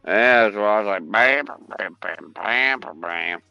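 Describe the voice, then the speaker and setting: A man's voice: on the low side, measured pace, vocal fry, bright, forceful tone, smooth, dry recording, muffled recording, soft background music. A man streaming a game, chatting crudely and joking around, breaking into song. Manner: crude, joking, bursts into singing along. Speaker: gaming streamer. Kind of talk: casual stream chat.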